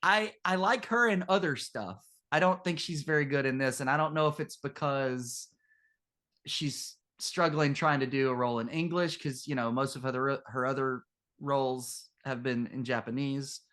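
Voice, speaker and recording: A man's voice: medium pitch, normal speed, sharp tone. A man co-hosting a casual film discussion podcast, critical and laughing often. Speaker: podcast co-host.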